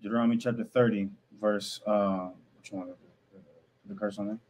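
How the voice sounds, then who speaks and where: A man reading passages aloud in a steady formal tone, with hesitant fillers between readings. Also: lowish voice, moderate pace, gravelly, rough recording. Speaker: scripture reader on a show.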